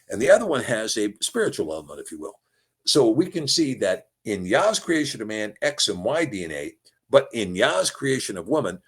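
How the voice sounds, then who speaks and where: A man's voice: medium pitch, breathy edge. A man giving verse-by-verse scripture commentary, reading passages aloud and then explaining them, often restarting and correcting himself. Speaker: Bible teacher.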